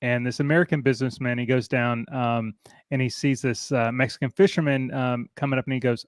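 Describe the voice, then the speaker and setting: A man hosting a podcast in casual conversation, telling stories in a halting way and often repeating words. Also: mid-range voice, fairly even intonation, dry recording. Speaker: podcast host.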